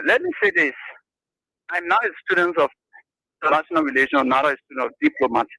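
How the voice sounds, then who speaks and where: A man's voice: high voice, gravelly, bright, forceful tone, no room sound, low-quality recording. A man with a Liberian accent calling in to a radio talk show and arguing his point, repeating himself as he goes. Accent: Liberian English. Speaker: caller. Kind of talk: call-in radio opinion.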